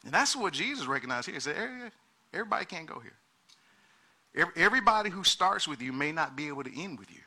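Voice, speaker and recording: A man preaching a sermon in an animated way, repeating words and acting out the people he quotes. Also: a little high, fast talker.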